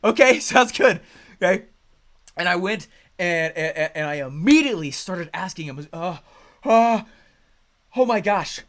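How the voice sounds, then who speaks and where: Male business coach, higher register, energetic and emphatic motivational storyteller. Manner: energetic and emphatic, with loud bursts; quick, conversational storytelling with restarts.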